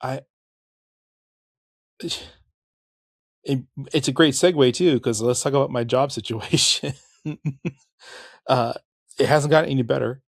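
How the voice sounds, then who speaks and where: A man's voice: medium pitch, a little slow, vocal fry, pauses often, no room sound, studio quality. A middle-aged man hosting a podcast, talking casually and candidly, cursing, restarting sentences and correcting himself as he moves into history narration. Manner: rambling, candid, curses, frequent restarts and self-corrections. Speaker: podcast host.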